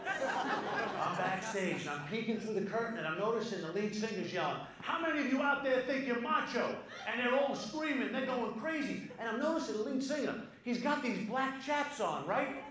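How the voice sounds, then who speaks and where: A man telling a comic anecdote to a live audience, animated and punchy, building to loud excited peaks. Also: high-pitched, moderate pace. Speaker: storyteller on stage. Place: live venue with audience laughter. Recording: echoey live hall with crowd noise.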